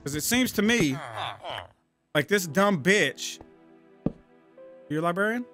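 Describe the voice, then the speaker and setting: Animated, bright-voiced profane gamer guy. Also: high voice, takes it slowly, faint music behind. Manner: profane, exasperated, talking to himself. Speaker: gaming channel host. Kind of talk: casual gameplay commentary.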